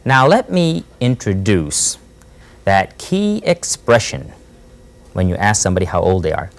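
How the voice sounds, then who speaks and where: A man teaching a Spanish lesson, repeating phrases slowly and prompting with little "Hmm?" checks. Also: fairly low pitch, big pitch swings. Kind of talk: classroom language lesson.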